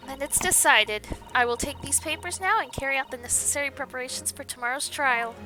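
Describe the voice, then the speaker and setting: A woman's voice: sits high, brisk, pushed and bright, faint music behind. A woman reading a poised, formal young assistant. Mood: composed. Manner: polite, formal. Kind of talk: game dialogue read aloud.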